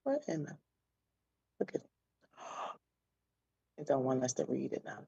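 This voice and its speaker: A woman's voice: rumbling low, sing-song, slow, vocal fry, long pauses, mellow, breathy edge, dull audio. A woman co-hosting an internet radio show, chatting casually, laughing and swearing freely as she reads out a word of the day. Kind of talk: casual banter.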